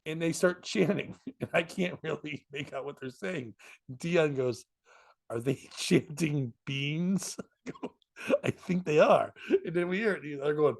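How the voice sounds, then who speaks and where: A comedian telling a story in casual chat, slipping into voices and laughing often. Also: male voice, on the high side, a little slow, creaky. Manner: animated, jumps into voices and laughs.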